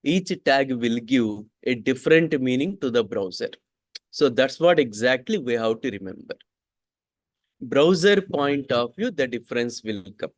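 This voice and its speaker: Man, coding instructor, repeats himself, very slow pace, dry recording. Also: mid-range voice, animated, no room sound. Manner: repeats each sentence twice, slow and deliberate. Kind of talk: classroom coding lesson.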